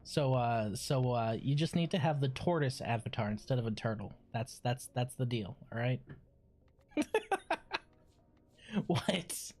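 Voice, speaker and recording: A man's voice: mid-range voice, moderate pace, few pauses, faint music behind. A young man streaming a game, rambling casually and swearing now and then. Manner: rambling, swears, loud squeals. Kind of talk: casual gaming commentary.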